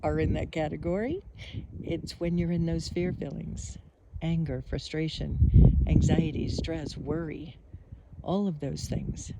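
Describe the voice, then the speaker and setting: A woman in her fifties, talking outdoors on a mountaintop in a soft, musing, rambling way as a vlogger. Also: low voice, steady tone, unhurried, very noisy. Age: 50s. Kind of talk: reflective vlog monologue.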